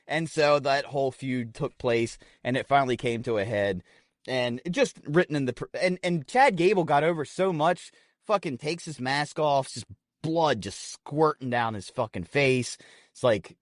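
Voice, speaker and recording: A man co-hosting a casual podcast, telling a story with lots of swearing and animated retelling. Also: medium pitch, normal speed, dry recording, studio quality. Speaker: podcast co-host. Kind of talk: casual chat.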